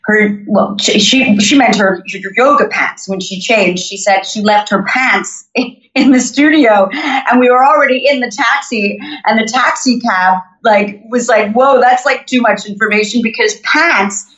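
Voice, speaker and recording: A woman's voice: on the high side, measured pace, fairly bright tone. A middle-aged woman from Montreal with a North American accent, chatting as a guest in an upbeat way and laughing easily. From Montreal, Canada. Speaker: singer-songwriter guest. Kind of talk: casual interview chat. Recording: roomy, dull lo-fi remote audio.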